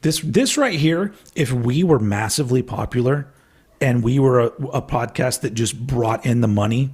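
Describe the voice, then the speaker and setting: Husky, rambling male podcast co-host. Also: medium pitch, expressive, normal speed, a little mellow. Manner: rambling, jokey, laughs often. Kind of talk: casual podcast chat.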